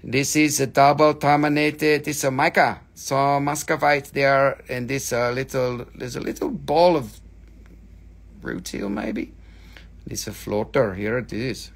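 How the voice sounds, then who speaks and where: A man's voice: mid-range voice, fairly even intonation, a little slow, vocal fry. A man in his forties from America, hosting a live crystal sale with playful, rambling banter. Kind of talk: joking live-stream sales chat.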